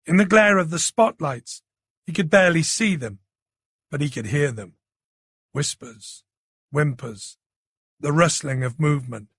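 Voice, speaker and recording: A man's voice: on the high side, unhurried, pauses often, a bit bright, breathy edge, no room sound, studio quality. A man narrating a thriller audiobook in a dramatic, tense manner.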